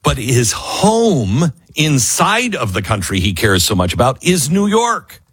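A man hosting a talk radio show, delivering an emphatic opinion monologue that swings between loud and hushed. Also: mid-range voice, very animated, measured pace, husky, no echo. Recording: dry studio mic.

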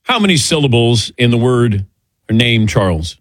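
A man hosting a sports radio show, talking relaxed while he takes calls and questions. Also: medium pitch, moderate pace, no echo, studio quality. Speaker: host.

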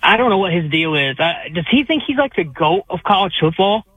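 A man's voice: high voice, very animated, a little fast, slightly rough, no echo. A male caller on a sports show, arguing his point emphatically with casual slang and repeated words. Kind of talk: phone-in opinion. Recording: tinny dry phone line.

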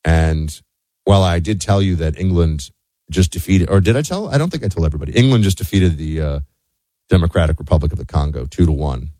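A man's voice: low voice, fairly quick, mellow, dry recording. A man hosting a show, talking casually in a rambling way, often correcting himself mid-sentence. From United States. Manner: rambling, self-correcting, chatty. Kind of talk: casual monologue.

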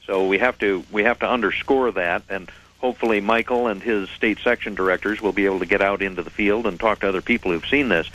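Man, radio guest, low voice, measured explanatory delivery, radio sound. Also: fairly bright tone, lo-fi sound. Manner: measured, articulate, explanatory, precise. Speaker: radio guest, head of a UFO reporting center. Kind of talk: phone-in radio interview.

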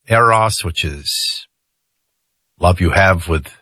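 A talk radio host, male, talks slowly in a low, somewhat husky, forceful voice. His style is loose and chatty, sprinkled with jokey asides, and the studio mic captures him close and dry.

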